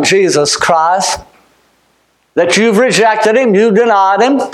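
A man preaching a fervent sermon. He shouts some points, drops to quiet asides for others, and often repeats or restarts his words. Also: extremely high pitch, animated, takes it slowly. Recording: echoey room.

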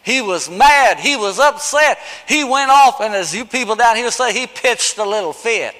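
A man preaching a sermon, impassioned, swinging between shouts and hushed pleading. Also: very high voice, lively intonation, moderate pace. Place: church sanctuary. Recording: long hall reverb.

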